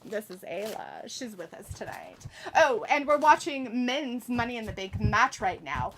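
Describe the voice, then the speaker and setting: A woman's voice: fairly high pitch, very animated, unhurried, a bit bright, a little hiss or hum. A woman hosting a wrestling watch-along stream, commenting playfully, teasing people and calling them darling. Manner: teasing, calls people darling, giggly asides. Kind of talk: playful live commentary and chat reading.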